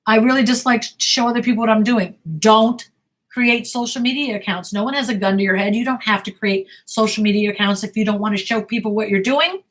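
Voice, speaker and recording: A woman's voice: fairly high pitch, fairly even intonation, brisk, a bit bright. A middle-aged woman acting coach answering viewer questions in a blunt, emphatic way, often repeating herself.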